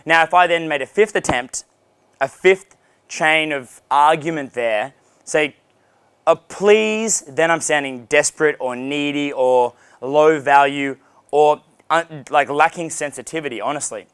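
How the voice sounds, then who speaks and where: A man's voice: on the high side, steady tone, a little slow, fairly bright tone, clean tone, dry recording. A man teaching a dating seminar, blunt and profane, acting out sample dialogues. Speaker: dating coach. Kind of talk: seminar lecture.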